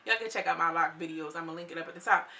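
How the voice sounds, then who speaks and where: A young woman recapping a reality show in casual chat, sassy and animated, acting out what each cast member said. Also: fairly low pitch, racing.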